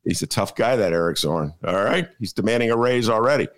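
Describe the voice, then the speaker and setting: Animated and fairly quick, a man with a fairly low voice hosts a podcast in a rambling, jokey way. He digresses constantly, fills gaps with "uh," and laughs at his own jokes.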